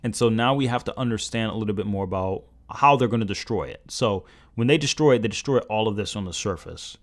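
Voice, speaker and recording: Talking fast in a fairly low voice, a man streams live and works his way through calculations, rambling and often self-correcting. Typing on a keyboard is audible behind him.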